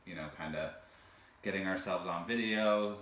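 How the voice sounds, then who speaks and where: Chatty man with a low voice. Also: normal speed. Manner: relaxed, chatty, many fillers. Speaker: podcast co-host. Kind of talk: casual chat. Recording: echoey room, faint noise.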